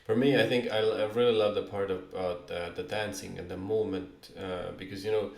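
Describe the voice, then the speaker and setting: A man's voice: on the low side, steady tone, fairly quick, vocal fry. A man co-hosting a podcast, talking in a rambling, casual way full of fillers. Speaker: podcast co-host. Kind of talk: casual conversation. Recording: roomy echo.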